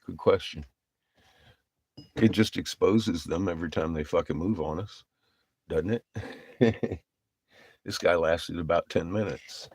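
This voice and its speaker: A man's voice: low voice, unhurried, long pauses, a little mellow, breathy edge, dry recording. A man telling a rambling story in a casual vlog, cursing freely and breaking into laughter. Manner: rambling, profane, laughs often. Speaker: vlogger.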